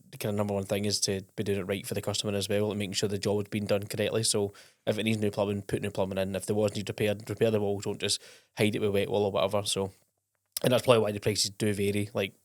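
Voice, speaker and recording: Chatty man with a low voice. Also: little pitch movement, quick pace, no echo, studio quality. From Scotland. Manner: chatty and rambling, many ums and restarts. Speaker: podcast host. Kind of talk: casual podcast chat.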